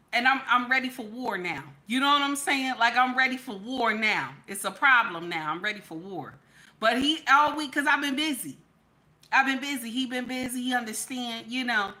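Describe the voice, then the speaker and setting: Woman, livestream host, animated casual chat, keeps saying okay, high bright voice. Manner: animated, repeats "okay?" constantly. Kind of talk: casual chat reading viewer comments.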